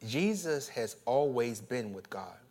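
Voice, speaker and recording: A man's voice: sing-song, unhurried. Preaching man with fiery rising swells. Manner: preaching with swells of loud, high, laughing emphasis; repeats phrases and restarts when fired up. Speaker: pastor. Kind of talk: sermon.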